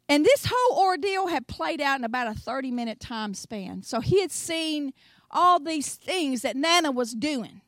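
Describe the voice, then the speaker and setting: An older woman with a Tennessee accent, preaching a sermon in an animated storytelling way, acting out voices and swinging between soft asides and loud exclamations. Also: high-pitched, no room sound. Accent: Southern US, Tennessee.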